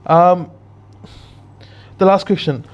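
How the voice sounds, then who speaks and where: A man hosting an interview, asking questions in an earnest, halting way with frequent restarts. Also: sits high. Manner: hesitant, many fillers and restarts, earnest. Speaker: podcast host. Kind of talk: casual interview. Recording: slightly dull lo-fi audio.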